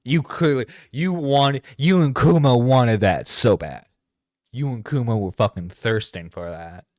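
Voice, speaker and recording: Streaming his reaction to a video, a man swears, sounds exasperated, and stammers over his words. His mid-range voice is a little mellow and measured in pace. A close streaming mic gives studio-quality sound with no room echo.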